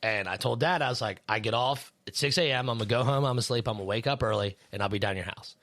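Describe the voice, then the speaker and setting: Guy rambling on a podcast, bright edgy voice, swears a ton, tons of fillers. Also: medium pitch, fast talker. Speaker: podcast co-host; third shift worker. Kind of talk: casual podcast chat.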